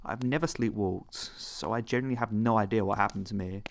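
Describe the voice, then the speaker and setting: A man narrating horror stories from a script. His voice sits low and his reading stays calm and steady. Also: brisk, slight background noise.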